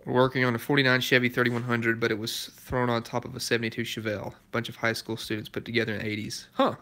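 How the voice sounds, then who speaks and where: Bright-voiced garage YouTuber chatting live. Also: male voice, medium pitch, little pitch movement, fast talker. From Southern United States. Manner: chatty, laid-back, chuckles between comments. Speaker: car restoration YouTuber. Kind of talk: casual live-stream chat reading viewer comments. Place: garage workshop.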